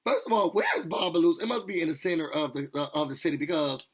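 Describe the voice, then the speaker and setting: A man casually recapping a reality TV episode, animated and sassy, talking straight to his viewers. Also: on the high side, quick pace, breathy edge. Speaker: TV recap host.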